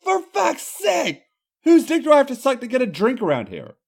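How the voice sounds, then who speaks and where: A man voicing a brash, hard-drinking Irish woman wrestler who talks loudly and crudely in a thick Irish accent. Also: very high voice, wildly swooping pitch, normal speed, vocal fry, a little hiss or hum, voice pushed up, full character voice. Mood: boisterous. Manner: loud, foul-mouthed, boisterous.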